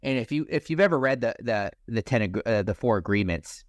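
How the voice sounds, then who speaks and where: A man's voice: mid-range voice, expressive, brisk, dry recording. A man co-hosting a podcast, speaking casually in a rambling, hesitant way with frequent restarts. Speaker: podcast co-host.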